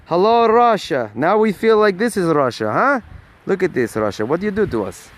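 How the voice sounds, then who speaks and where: A man's voice: high voice, very animated, fairly quick. A man hosting a casual live phone stream outdoors on a snowy street, chatting playfully with viewers while walking a dog. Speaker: livestream host. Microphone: phone held by hand.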